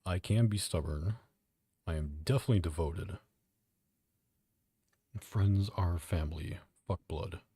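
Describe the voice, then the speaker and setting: A young man hosts a casual live stream from home, reacting to quiz questions in an offhand, profane, self-mocking way. His voice sits low and mellow with a slightly husky edge, recorded dry and close on the mic. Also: unhurried, pauses often, dry recording.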